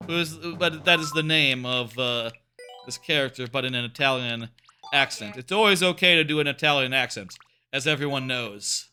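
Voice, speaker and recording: A man with a medium-pitched, sharp-toned voice live-streams a video game, chatting casually and answering his viewers' questions as he plays.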